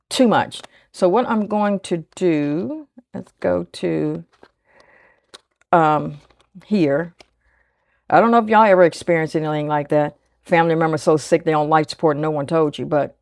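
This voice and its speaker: A woman's voice: low voice, normal speed, a little mellow, no room sound, studio quality. A woman in her sixties chatting casually on her budgeting vlog, thinking aloud and counting bills under her breath as she sorts cash. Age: 60s. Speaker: budgeting vlogger. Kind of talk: casual chat while cash stuffing.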